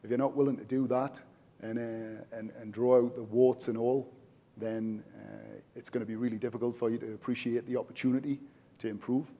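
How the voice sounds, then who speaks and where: A man's voice: medium pitch, flat delivery, brisk, dark tone. A man, a general manager, giving an informal conference presentation, chatty with frequent filler words.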